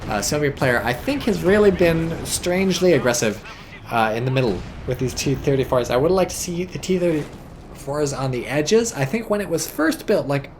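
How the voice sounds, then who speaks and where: A man's voice: a little high, moderate pace, slight background noise. Profane, rambling male game commentator. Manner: profane, rambling, lively bursts of excitement. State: tired and drunk, hiccuping.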